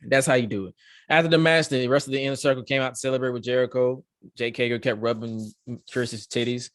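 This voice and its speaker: A man hosting a podcast, reviewing wrestling in excitable, profane, rambling casual chat. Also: mid-range voice, fast, dry recording, clean studio sound. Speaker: podcast host.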